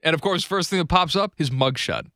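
A male radio co-host in casual sports banter, throwing out deadpan, provocative quips on a studio microphone. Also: on the high side, a little fast, noisy background.

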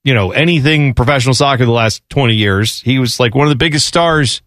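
A man's voice: mid-range voice, brisk, a bit bright, dry recording. A man hosting a sports talk show in casual chat, rambling and joking with frequent laughter. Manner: rambling, jokey, laughs often. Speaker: sports radio host.

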